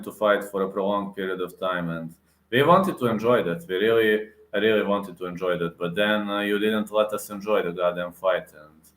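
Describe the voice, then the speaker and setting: A man with a fairly low voice rants heatedly to camera like an MMA reaction vlogger. He circles back to the same points and stresses them again. His voice carries a noticeable echo off the room. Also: a bit bright. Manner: repetitive, emphatic, many fillers and restarts. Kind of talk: heated casual rant to camera.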